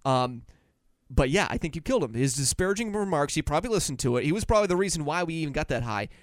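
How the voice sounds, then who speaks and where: A man's voice: on the high side, lively intonation, rapid-fire, dry recording, clean studio sound. A man hosting a casual comedy podcast, teasing his co-host and rattling off fun facts.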